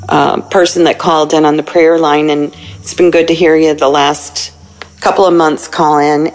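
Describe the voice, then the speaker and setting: A woman in her sixties calling in to a prayer line, earnest and halting as she prays aloud. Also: low-pitched, low-quality recording. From United States. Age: 60s. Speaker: caller. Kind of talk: recorded prayer call-in message.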